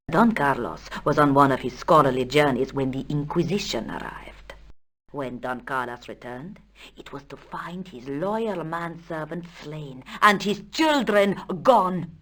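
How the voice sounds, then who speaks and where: A haughty aging countess with a Spanish accent in a video game. She speaks slowly and grandly in a lowish voice that swoops widely, breaking into commanding shouts. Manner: stately, slow and theatrical, bursts into shouts.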